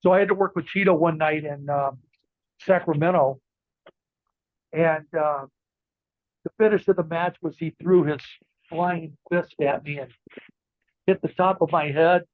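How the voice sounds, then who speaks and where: A former wrestler and ring announcer in his sixties tells rambling stories as a casual interview guest, using many fillers and restarts. His fairly high voice is steady and a little slow with frequent pauses, heard over a tinny, phone-like, dry line with no room sound.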